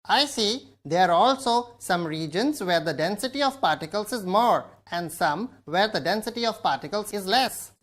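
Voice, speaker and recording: A woman's voice: medium pitch, lively intonation, normal speed, few pauses. A woman in the role of a curious student, asking questions in a scripted educational dialogue.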